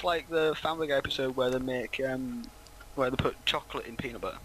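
Bright-voiced rambling teen boy. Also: mid-range voice, fast, a little hiss or hum, low-quality recording. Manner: rambling, many fillers and restarts. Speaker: let's play host. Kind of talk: casual gaming chat.

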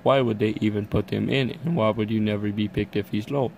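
A man's voice: fairly low pitch, fairly even intonation, fairly quick, vocal fry, darkish tone, slight background noise. A teenage boy co-hosting a goofy casual chat, offhand and often laughing. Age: teens. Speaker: co-host.

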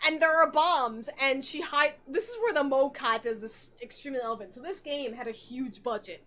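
Tipsy, high-voiced woman rambling on. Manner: rambling, animated, quick to laugh and swear. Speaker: podcast co-host. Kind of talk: comedic podcast chat, retelling a game plot.

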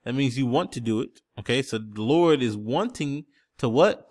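A man's voice: medium pitch, animated, normal speed, hardly any pauses, a little mellow. A man teaching scripture in an emphatic style, checking in with "okay?" and "man" after nearly every phrase and looking up word definitions as he goes. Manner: looks up word definitions on screen while talking. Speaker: preacher.

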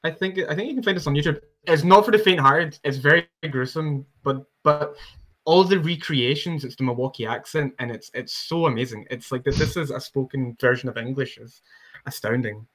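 Bright-voiced Scottish man, rambling host. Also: mid-range voice, fairly quick. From Scotland. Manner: rambling, self-deprecating, fond of accents. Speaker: podcast host. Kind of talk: casual chat.

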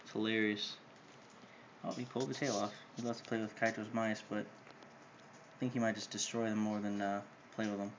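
Soft-spoken man on dull camera audio. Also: on the low side, little pitch movement, normal speed, long pauses. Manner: soft-spoken and easygoing, with fillers. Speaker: pet bird owner filming his parrot. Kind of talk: casual home video narration. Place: at home with his pet birds. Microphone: handheld camera mic. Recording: dull, slightly muffled camera audio with faint hiss.

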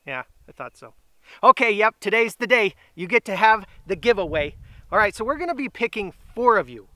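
Upbeat chatty man with a high voice. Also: big pitch swings, sharp tone, no room sound. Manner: upbeat, chatty, drawn-out announcements. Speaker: grilling channel host. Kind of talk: casual giveaway vlog. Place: outdoors.

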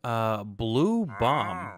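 A man's voice: fairly low pitch, very animated, drawn-out words, no room sound, clean studio sound. A young man hosting a gaming channel, talking casually to himself as he plays and tossing in jokey asides. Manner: chatty, self-talking, joking asides. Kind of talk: casual gameplay commentary.

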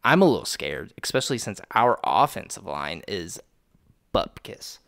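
Gravelly young man chatting loosely. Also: deep voice, sing-song, moderate pace, a bit bright, dry recording, studio quality. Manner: loose, joking, profane, lots of fillers. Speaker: podcast host. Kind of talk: casual chat.

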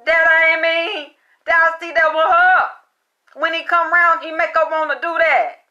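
A woman's voice: very high-pitched, steady tone, normal speed, pushed and bright, highs cut off. A woman giving a casual tarot card reading, chatty and profane, often breaking into laughter. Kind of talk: casual spiritual reading monologue.

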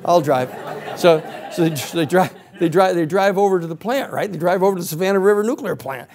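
A male lecturer telling a long story to a class in a rambling, animated way full of "you know" and "uh". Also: sits high, fast talker, a faint crowd.

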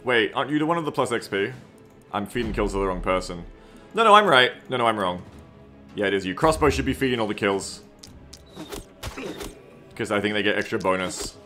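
A man's voice: fairly low pitch, brisk, long pauses, a bit bright, soft background music. A man streaming a game live, chatting casually and reading viewer comments aloud. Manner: chatty, reads viewer comments aloud, often second-guesses himself mid-sentence.

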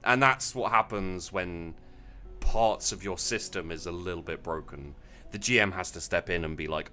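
A man's voice: deep voice, moderate pace, pushed and bright, smooth, faint music behind. A man hosting a live stream, reading out viewers' tabletop game stories in an amused, conversational way with frequent ums and restarts.

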